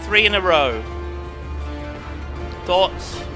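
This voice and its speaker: A man streaming a game live, excitably reacting and exclaiming as he plays. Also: sits high, very slow, over music. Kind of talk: live gameplay commentary.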